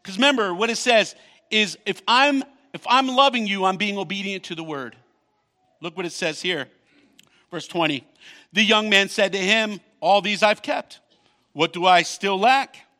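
A male pastor preaching a sermon, reading scripture aloud and breaking in with quick comments of his own. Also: sits high, sharp tone. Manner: reads scripture, then comments with quick asides and laughs.

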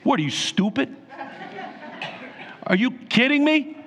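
This is a man putting on an exasperated South Jersey mother, raising the pitch and the volume as she scolds. Her complaints come fast, one after another. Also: very animated, a bit bright, some chatter behind, exaggerated voice. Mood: exasperated scolding.

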